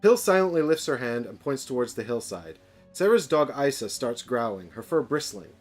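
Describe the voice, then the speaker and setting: A man reading out a board game's story on his own, stopping often to make fun of himself. His voice sits at an ordinary pitch and falls quiet during the asides. Faint music plays underneath. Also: big pitch swings, moderate pace. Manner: hesitant, self-deprecating, full of asides. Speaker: solo player narrating a board game. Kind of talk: casual narration of a tabletop game.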